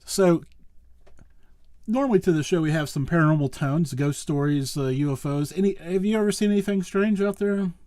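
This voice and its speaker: A man's voice: fairly high pitch, moderate pace, dark tone, no echo, studio quality. A man hosting a podcast, chatting casually with his guest and joking at his own expense. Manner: laughs easily, self-deprecating. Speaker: podcast host. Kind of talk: casual interview chat.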